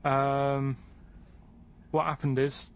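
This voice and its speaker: A man telling a news item in a rambling, deadpan way during casual radio banter. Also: mid-range voice, very slow, highs cut off, slight background noise. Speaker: radio show regular telling a news segment.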